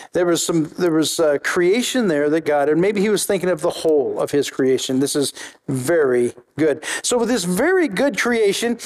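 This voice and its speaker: A man with a high voice delivers a sermon in a relaxed, conversational way. He restarts phrases often and draws out important words slowly. When reading scripture he falls into a steady, list-like rhythm. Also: poor audio. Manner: conversational preaching with frequent restarts and slow emphatic phrases; reads scripture aloud in a steady list-like cadence. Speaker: pastor.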